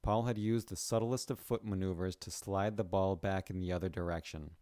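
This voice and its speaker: A man's voice: low voice, fairly even intonation, normal speed, darkish tone, dry recording, clean studio sound. A man reading a story aloud in plain scripted narration.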